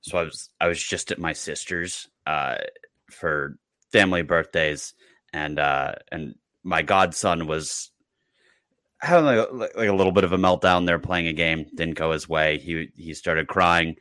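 Podcast co-host, man, deep voice, dry close mic, jumps into high voices for quoted people. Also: measured pace, clear, resonant tone, no room sound. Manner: animated storyteller, voices quotes in a high excited pitch. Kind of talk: casual chat, storytelling.

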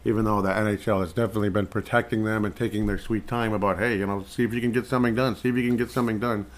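A man hosting a sports podcast in a loose, rambling way. His voice sits a little low, and he chuckles often as he thinks out loud. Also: steady tone, very fast. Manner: rambling, chuckles between thoughts. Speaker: podcast host. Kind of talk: casual sports chat.

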